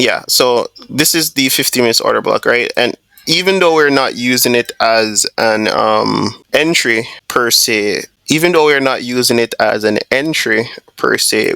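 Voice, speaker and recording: Gravelly-voiced man talking through a trade. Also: mid-range voice, pushed and bright, dry recording. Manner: casual, thinking aloud with many fillers and restarts. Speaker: trading video host. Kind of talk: live screen-share trade commentary.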